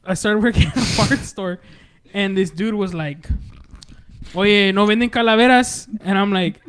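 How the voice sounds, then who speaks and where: A man with a high voice tells stories in a loose podcast chat. He laughs through his anecdotes and acts out the people he quotes, swearing freely. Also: normal speed, fairly bright tone, smooth. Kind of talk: casual chat, storytelling.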